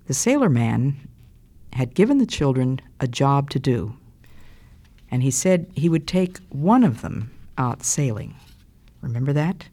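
A storyteller reading a children's tale aloud and then asking the listeners about its lesson in an animated, questioning way. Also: medium pitch, measured pace.

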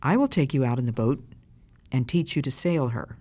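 A patient old sailor who speaks in calm, measured sentences, read by a storyteller. He is firm but never harsh, with a pitch that rises and falls freely as he speaks. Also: close to an everyday voice. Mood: kindly.

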